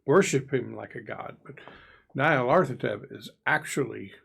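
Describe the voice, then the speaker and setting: A man's voice: medium pitch, measured pace, gravelly, fairly bright tone, husky. A man co-hosting a casual game review podcast, chatty and musing, often trailing into asides. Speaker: podcast co-host, player. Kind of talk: casual discussion.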